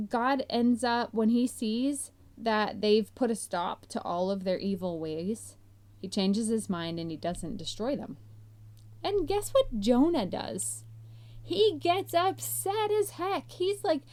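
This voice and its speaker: A woman hosting a podcast, retelling a Bible story in a chatty, animated way, full of "like" fillers. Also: mid-range voice. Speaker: podcast host.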